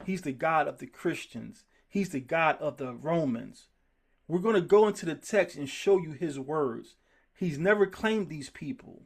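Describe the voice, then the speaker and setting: A man's voice: on the high side, measured pace, creaky, husky. A man leading a group scripture study, talking in an emphatic, worked-up way. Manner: animated, emphatic, gets worked up. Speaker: Bible study teacher.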